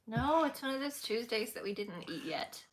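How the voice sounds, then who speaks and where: A woman's voice: on the high side, expressive, normal speed. A tired woman, co-hosting a casual livestream, chiming in with short greetings and frequent laughs. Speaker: livestream co-host.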